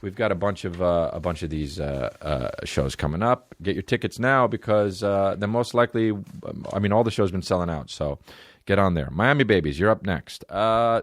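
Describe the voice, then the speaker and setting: A man's voice: sits low, normal speed, no room sound. A man hosting his comedy podcast in a rambling, profane monologue full of fillers. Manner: profane, rambling, many fillers, jumps into mock voices.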